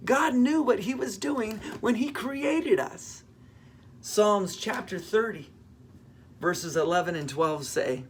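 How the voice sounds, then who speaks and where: A man's voice: high voice, a little slow, slight background noise. A man, a pastor, giving a casual devotional and telling a humorous everyday story with fillers and self-corrections.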